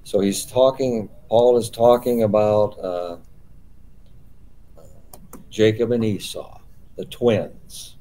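A man's voice: lowish voice, fairly even intonation, slow pace, pauses often, warm tone, poor audio. A man leading a small-group Bible study, explaining patiently and posing rhetorical questions.

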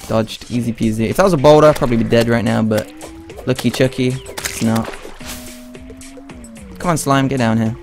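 A man's voice: mid-range voice, steady tone, normal speed, creaky, long pauses, a little mellow. Chatty young man streaming a game. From Britain. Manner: chatty and playful, reading out chat messages. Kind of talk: casual live-stream commentary. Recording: game music playing behind the voice.

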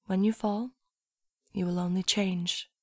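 A calm, murmuring young man guides her with soft, near-whispered words, as a woman reads him in a storybook. His delivery is slow and unhurried, and the recording sounds close and dry with no room around it. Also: medium pitch, no echo. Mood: gentle. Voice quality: murmuring, thick unplaced accent. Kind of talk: audiobook story reading.

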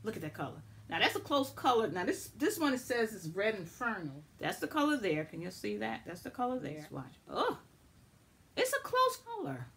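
A woman chatting casually and excitedly to viewers as she shows and swatches makeup finds. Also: a little high, normal speed, gravelly, a little hiss or hum. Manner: chatty, excitable, addresses viewers as y'all and guys. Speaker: beauty vlogger. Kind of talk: casual makeup haul review.

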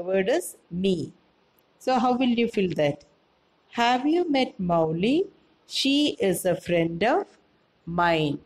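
Indian english lady teacher going over grammar, slow and super clear, voice bounces up and down a lot. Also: medium pitch, darkish tone, poor audio. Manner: slow, clear explaining with questions to pupils. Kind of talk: classroom grammar lesson.

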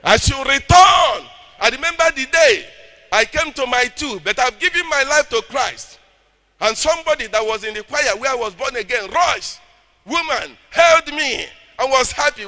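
A man with a Nigerian accent preaching a sermon, fervent, swinging between loud shouting and low intense speech and calling for the audience to respond. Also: sing-song, normal speed.

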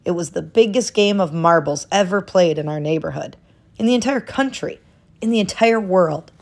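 A woman with a slightly low voice reads a children's picture book aloud. Her reading is expressive and gentle, and her voice rises brightly to mark each new part of the story. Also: moderate pace. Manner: expressive, lifting her voice at new days and exclamations.

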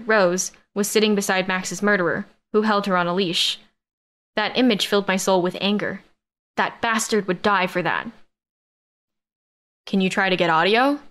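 A woman reads a first-person science-fiction romance audiobook in a steady, expressive narration. Her voice sits at an ordinary mid pitch and keeps an even storytelling flow.

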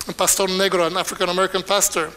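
High, bright-voiced older bilingual preacher. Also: male voice, rapid-fire. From Panama. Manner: switches between Spanish and English line by line, animated. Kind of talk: bilingual sermon.

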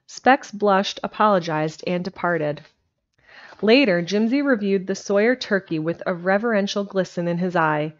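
A woman narrating a classic story chapter in a steady, even way. Her voice sits at a medium pitch. The home stream recording is slightly muffled and lo-fi. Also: moderate pace. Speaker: audiobook reader.

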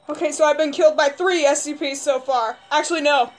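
A young woman commenting on her gameplay, panicking and yelling, her voice strained hoarse from screaming. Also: high voice, steady tone, fairly quick, hardly any pauses. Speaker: gamer.

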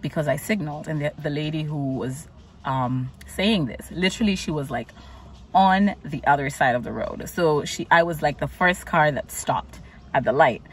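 A woman's voice: sits low, moderate pace, recorded from a distance, a little hiss or hum. Chatty woman vlogger telling a story. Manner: chatty, exasperated retelling with many "like"s. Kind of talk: casual storytelling vlog.

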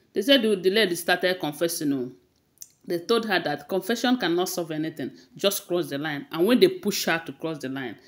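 A woman with a Nigerian accent casually retelling celebrity gossip, with frequent hesitations and restarts. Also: sits low. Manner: hesitant, many fillers and restarts, conversational retelling.

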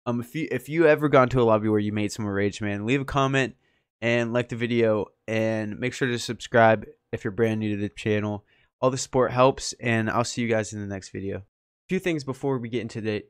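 Young male gaming commentator, rambling and laid-back, breaking into excited laughter and callouts. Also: on the low side, clean tone, dry recording, clean studio sound. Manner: excitable, laughing, lots of "dude" and "yo"; soft-spoken and rambling in the intro. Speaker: gaming YouTuber. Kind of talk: casual gameplay commentary.

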